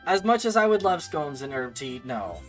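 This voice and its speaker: Lively, joking male streamer. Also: on the high side, normal speed, faint music behind. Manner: joking, laughing, talks to chat. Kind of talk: casual gaming commentary.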